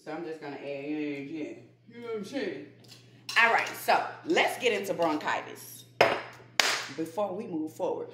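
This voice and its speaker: A woman with a fairly low voice talks casually through a home remedy, folksy and familiar with her viewers. She slows right down when she reads from her notes. Faint clicks and background noise sit under her voice. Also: expressive. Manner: chatty and folksy, calls viewers baby and y'all. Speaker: holistic healer vlogger. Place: home kitchen and backyard garden.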